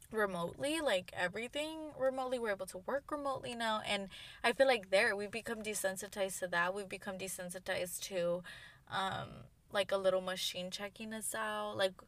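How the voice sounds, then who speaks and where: A woman's voice: mid-range voice, normal speed. A young woman co-hosting a podcast, talking casually and rambling with many fillers. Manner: rambling, animated, lots of "like" and laughter. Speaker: podcast co-host. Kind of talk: casual chat.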